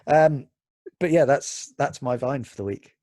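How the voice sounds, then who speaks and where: A man's voice: medium pitch, a little slow, warm tone, dry recording, studio quality. A man co-hosting a casual podcast, reading comments aloud with swearing and a lot of ums. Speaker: podcast co-host. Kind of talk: casual chat.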